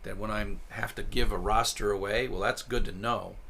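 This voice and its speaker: Gravelly, forceful man ranting over code. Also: fairly low pitch, fairly even intonation, moderate pace. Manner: rants and mutters to himself, swearing in exasperation; drops to soft, breathy asides. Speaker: software developer reading a spec while coding. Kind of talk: live coding screencast, thinking aloud.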